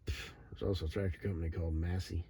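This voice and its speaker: A middle-aged man telling a rambling, digressive story in a profane, deadpan way. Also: sits low, fast, vocal fry, breathy edge. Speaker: vlogger. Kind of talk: rambling monologue.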